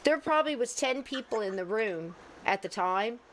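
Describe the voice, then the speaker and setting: A middle-aged woman, a podcast co-host and medium, telling a story in a casual, earnest way and softly quoting her own gentle words. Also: a little high, animated, normal speed, a little hiss or hum. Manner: earnest, soft-spoken retelling with gentle quoted asides.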